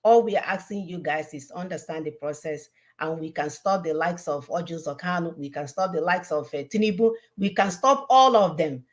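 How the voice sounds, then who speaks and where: A woman's voice: fairly low pitch, moderate pace, few pauses. A woman giving an impassioned, preachy political talk with emphatic, repeated warnings. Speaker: online show co-host.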